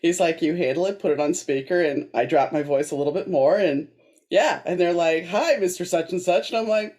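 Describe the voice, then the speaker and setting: Woman host, deep husky voice, easygoing and rambling, casual chat. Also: brisk, a little mellow. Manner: chatty and rambling, with fillers. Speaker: podcast host.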